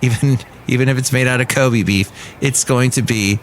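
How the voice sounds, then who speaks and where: A man's voice: medium pitch, fairly even intonation, normal speed. Man, podcast host, rambling, wry asides, faint background hum. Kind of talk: casual solo podcast monologue.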